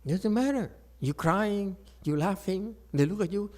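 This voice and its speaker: A man's voice: high voice, unhurried. Older male Chan teacher, lecturing loosely, keeps asking okay, bursts of emphasis. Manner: frequent okay tag questions and restarts; animated, voice jumps up when emphatic. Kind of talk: Dharma talk.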